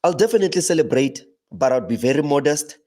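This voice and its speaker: South African man, casual pundit guest, leaps up in pitch when excited. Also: quick pace. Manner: animated, pitch jumps high when laughing or exclaiming, frequent restarts. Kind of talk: casual chat.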